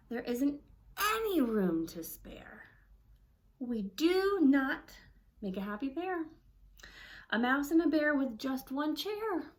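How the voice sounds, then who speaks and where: Read aloud by a woman, a small, frustrated male mouse from a children's storybook complains in a high, drawn-out voice. Each line is stressed for effect, slow and pointed. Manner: exaggerated, emphatic storybook reading.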